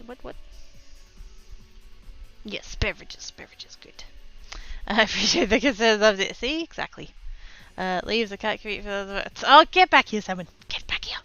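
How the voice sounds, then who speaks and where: A woman's voice: mid-range voice, a bit bright, clear, resonant tone, rough recording. An Australian woman chatting casually with viewers on a craft livestream, bubbly and giggly, through a headset mic at home.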